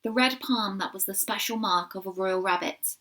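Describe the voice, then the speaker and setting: A woman reading a children's storybook aloud, expressive, with small slips and asides to her listeners. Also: mid-range voice, normal speed. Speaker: reader.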